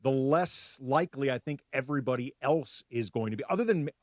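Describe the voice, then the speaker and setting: A man's voice: mid-range voice, lively intonation, brisk, a little mellow, dry recording, studio quality. A man co-hosting a sports radio show, giving wry, analytical takes in casual talk.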